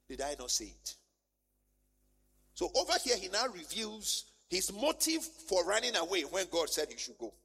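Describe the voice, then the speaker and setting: Male pastor, high lively delivery, sermon in a reverberant church. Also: slightly rough. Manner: animated, conversational, rhetorical questions. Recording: long church-hall reverb.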